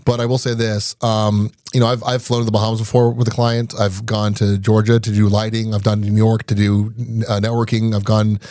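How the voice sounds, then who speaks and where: A middle-aged man, a guest on a podcast, telling lively anecdotes in a casual interview and often laughing between them. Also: fairly low pitch, no room sound, clean studio sound. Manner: rapid, animated anecdotes broken up by laughter. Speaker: podcast guest, IT business owner.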